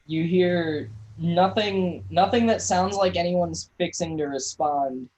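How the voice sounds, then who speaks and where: A man running a tabletop game as game master, narrating in a relaxed, halting way with many restarts. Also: high voice, low-quality recording.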